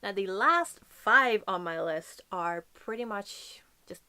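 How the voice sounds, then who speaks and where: A woman's voice: mid-range voice, animated, slow, pushed and bright. A woman from Northern Ireland with a light Northern Irish accent, chatting casually to camera as a book vlogger, gushing and playful with whispered asides.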